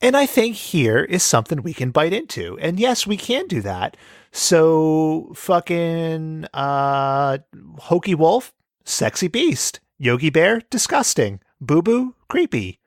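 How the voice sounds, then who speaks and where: A man's voice: fairly high pitch, takes it slowly, dry recording, studio quality. A man hosting a casual podcast, joking around and reading listener mail aloud. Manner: jokey, animated, reads letters aloud. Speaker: podcast host.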